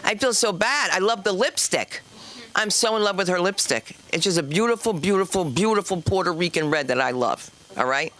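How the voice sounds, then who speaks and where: On a comedy club stage, a woman hosts a stand-up night, chatting and teasing the crowd. Her lowish voice is expressive, a little fast and somewhat bright.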